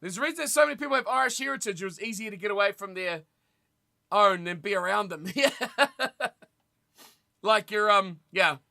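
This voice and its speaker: A young man streaming a rugby watch party, commentating on the play and chatting casually with his viewers, with sudden loud reactions. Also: high voice, a little fast, creaky, long pauses. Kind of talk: casual live commentary and chat.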